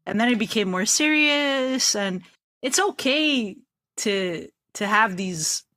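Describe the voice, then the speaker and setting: A woman co-hosting a podcast, relaxed and agreeable in casual chat. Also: fairly high pitch, slow pace. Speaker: podcast co-host.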